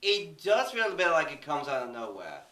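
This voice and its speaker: A man co-hosting a podcast in casual chat, excitable and teasing. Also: fairly high pitch, normal speed. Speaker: podcast co-host. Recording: echoey, a little far from the mic.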